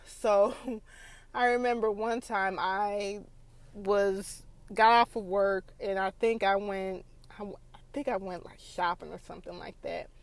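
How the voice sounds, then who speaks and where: A woman's voice: mid-range voice, no room sound. A young adult woman hosting a podcast, telling a personal story in a chatty way with many fillers and restarts. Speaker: podcast host. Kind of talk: casual podcast monologue.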